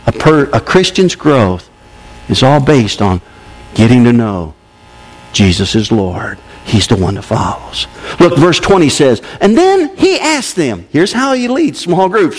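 A man preaching a sermon to a congregation, emphatic, with sudden swings between loud and hushed delivery. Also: medium pitch, big pitch swings, measured pace. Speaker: pastor. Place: church service.

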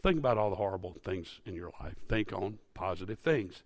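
A man preaching a sermon in a church, folksy and storytelling, rising to loud emphatic peaks. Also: low voice, animated, brisk, dry recording. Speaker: pastor. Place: church sanctuary.

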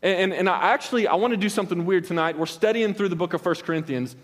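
The sound is of a big room, where a young pastor with a high-sitting voice talks fast through a story-driven sermon. He's casual and rambling, tossing in slangy asides and restarting often.

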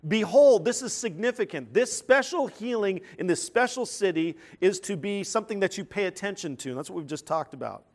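Male preacher with a high voice, animated and emphatic, who rises to sudden loud outbursts and keeps asking his listeners questions. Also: brisk, few pauses. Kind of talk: sermon.

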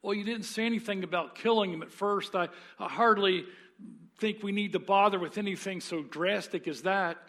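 A man's voice: high voice, normal speed, fairly bright tone. A man voicing a frightened male ghost who stammers and pleads as he clings to his sin, during a sermon reading. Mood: evasive.

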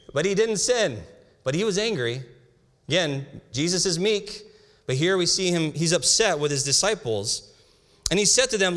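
A young man preaching a sermon, reading scripture slowly with emphasis and breaking into casual asides. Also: high voice, a bit bright. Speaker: pastor. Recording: hall reverb.

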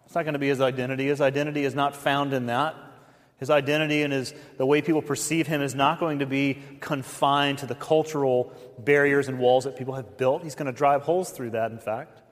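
A pastor giving a conversational sermon, with folksy asides to the congregation. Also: male voice, mid-range voice, fairly even intonation, a little fast. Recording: reverberant hall.

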